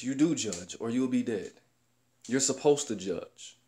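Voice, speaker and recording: A man's voice: medium pitch, normal speed, darkish tone. A young man from the Chicago area, talking casually and bluntly to camera, profane and rambling as he tells stories. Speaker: commentator.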